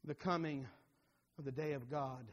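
Pastor guy giving a sermon, kinda high voice, gets fervent then goes quiet, big echoey hall. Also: fairly even intonation, normal speed. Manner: rises to fervent urging, then drops low and quiet.

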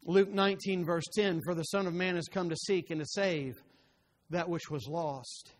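Male preacher, emphatic sermon delivery, somewhat raised pitch, scripture-quoting. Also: fairly even intonation, moderate pace. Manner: emphatic, rising to impassioned pleading; quotes scripture chapter and verse.

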